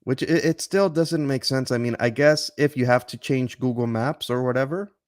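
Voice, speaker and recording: A man's voice: mid-range voice, moderate pace, clean tone. An easygoing man in a casual chat who often reacts with short interjections.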